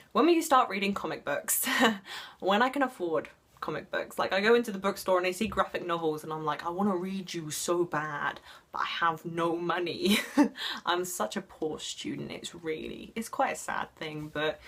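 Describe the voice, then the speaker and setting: Chatty young English woman, lowish voice. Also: a bit bright. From Suffolk, England. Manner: chatty and gushing. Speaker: vlogger answering viewer questions. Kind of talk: casual chat.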